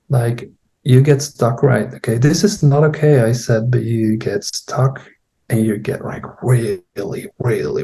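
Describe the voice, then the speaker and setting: A man's voice: medium pitch, dark tone. A middle-aged male therapy trainer, a guest recounting a therapy case in conversation. He talks unhurriedly, searches for words, and acts out his own and his client's lines.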